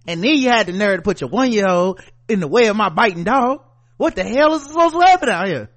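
A man's voice: high voice, lively intonation, fast, fairly bright tone. A man giving casual, joking reaction commentary in blunt slang.

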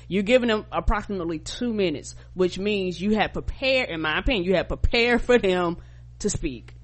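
Co-host, male, fairly high voice, measured and plain-spoken opinions. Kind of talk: casual chat.

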